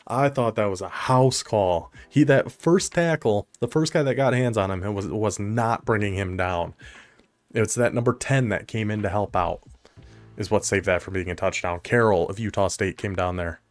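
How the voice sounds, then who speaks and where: A man giving casual play-by-play commentary on a football video game, excitable and quick to laugh. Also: lowish voice, no echo, soft background music. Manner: excitable, laughs often, talks to the viewer. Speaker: commentator of an online video game dynasty league.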